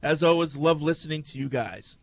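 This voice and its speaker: A man's voice: on the high side, brisk, creaky, no room sound. A man hosting a casual sports talk show, reading listener emails aloud between chat.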